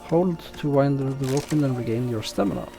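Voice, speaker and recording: A man with a pronounced non-native English accent, narrating and commenting on a game in a relaxed, self-deprecating way. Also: medium pitch, fairly quick, music in the background. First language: not English. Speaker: let's play host.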